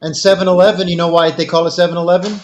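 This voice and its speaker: An older man spins a long personal story in a casual chat, drifting from point to point and voicing the people in it. His voice sits a little high. The sound is dull and lo-fi. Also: little pitch movement, rapid-fire. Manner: rambling anecdotal, quotes others in dialogue. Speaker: storyteller guest.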